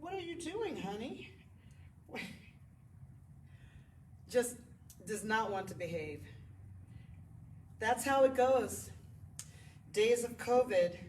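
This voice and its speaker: A woman's voice: mid-range voice, darkish tone, far from the mic. A woman yoga instructor guiding a live class, chatty and encouraging, counting poses aloud. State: out of breath at times. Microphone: body mic, at times distant. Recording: echoey room, voice from off mic, faint noise.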